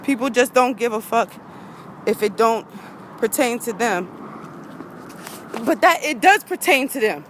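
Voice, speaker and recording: A woman's voice: fairly high pitch, lively intonation, measured pace, long pauses, fairly bright tone, slight background noise, rough recording. A woman, a vlogger in an angry rant to her viewers, heated, profane and repeating herself.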